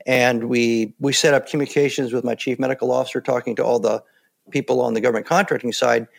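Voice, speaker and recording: An older man with a gravelly, fry-edged voice talks through his experiences in a calm, matter-of-fact way. He sounds like a seasoned interview guest, unhurried and plainspoken, settling into each story at an easy pace. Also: mid-range voice. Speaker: guest, former Navy SEAL. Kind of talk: casual interview talk.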